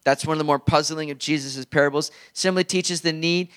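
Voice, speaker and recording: Earnest preacher, slightly high voice. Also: male voice, fairly even intonation, brisk, a bit bright, clean tone. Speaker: pastor. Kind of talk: sermon.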